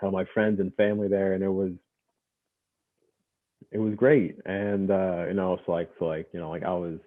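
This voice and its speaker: A young man with a very deep voice tells a personal story as a podcast guest. He talks loosely and casually, leans on fillers, and laughs easily. His voice comes through thin and narrow, like a phone line. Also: moderate pace. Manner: relaxed, laughs often, many fillers like "you know".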